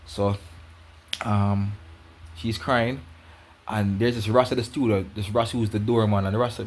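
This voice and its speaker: A man's voice: on the low side, fairly even intonation, a little slow, pauses often. A man with a Jamaican accent telling a personal story in patois, rambling and repeating himself as he goes.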